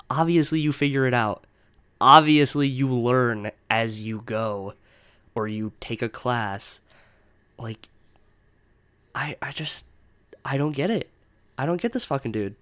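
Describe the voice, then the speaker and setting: A man's voice: medium pitch, lively intonation, unhurried, long pauses, fairly bright tone, clear, resonant tone. A young man talks alone into his podcast mic in a loose, rambling rant. He sounds exasperated and swears freely, and he leans hard on filler words as he goes. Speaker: podcast host. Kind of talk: casual solo rant.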